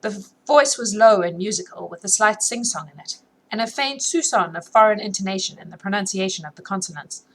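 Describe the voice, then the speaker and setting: Reading a classic novel for her followers, a woman with a sore throat keeps things chatty and casual, stopping to fix mistakes as she goes. Her voice sits in the mid range and moves a little fast, with background noise behind it.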